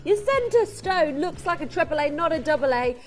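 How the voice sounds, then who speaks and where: A woman presenting on a live TV shopping channel, excitable and gushing as she urges viewers to buy. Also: sits high, moderate pace, soft background music. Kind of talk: live TV shopping sales patter.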